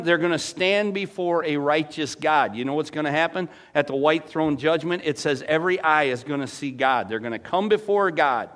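Man, pastor preaching, animated storytelling, slightly high voice, loud and soft in turns. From former dairy farmer. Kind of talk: sermon.

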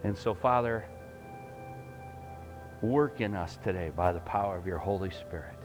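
A man preaching a sermon in a church, emphatic and rising loud, then praying in a hushed voice. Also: fairly low pitch, normal speed, music in the background. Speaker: pastor. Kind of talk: sermon and closing prayer. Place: church sanctuary.

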